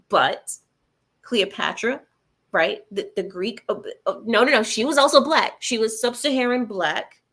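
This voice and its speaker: Woman, livestream host, casual chat, sarcastic, laughs often, reads viewer comments, mid-pitched voice. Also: a bit bright.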